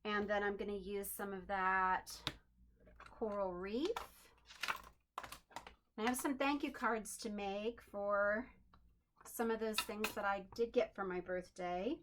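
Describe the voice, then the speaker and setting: A woman's voice: medium pitch, steady tone, takes it slowly, pauses often, background noise. A woman hosting a home craft tutorial, chatting in an upbeat way and thinking aloud as she works at her desk. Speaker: crafting channel host.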